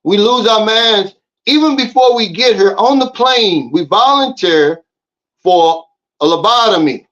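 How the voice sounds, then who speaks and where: High-voiced man giving emphatic advice. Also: animated, unhurried, a bit bright. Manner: emphatic, preachy, talks straight to viewers. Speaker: vlogger. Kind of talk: casual advice monologue to camera. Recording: slightly dull lo-fi audio.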